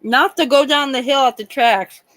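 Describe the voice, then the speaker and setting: A woman's voice: high voice, normal speed, fairly bright tone, no echo, rough recording. A woman hosting a true crime livestream, talking in a rambling, indignant way with many restarts and some swearing. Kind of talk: casual livestream chat.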